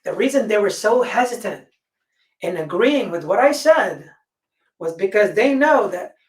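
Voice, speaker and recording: A woman's voice: medium pitch, a little slow. A woman in a casual discussion, telling stories bluntly and swearing freely. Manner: blunt, profane, animated storytelling. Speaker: panel guest. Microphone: video call. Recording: echoey room, distant mic.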